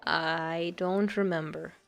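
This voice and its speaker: A woman's voice: fairly low pitch, steady tone, slow, gravelly, faint music behind. A woman livestreamer chatting casually and rambling as she plays a game and reads out her chat, often breaking into laughter. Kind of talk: casual chat while gaming and reading chat.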